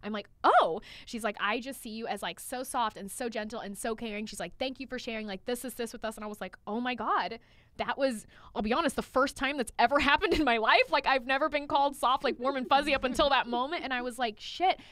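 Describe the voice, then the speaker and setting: A woman's voice: fairly high pitch, fast talker, no room sound. A woman co-hosting a casual chat podcast, telling stories with lots of swearing and acting out what she said back then. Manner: animated storytelling, acts out her own past lines, swears freely. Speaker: podcast co-host and trainer.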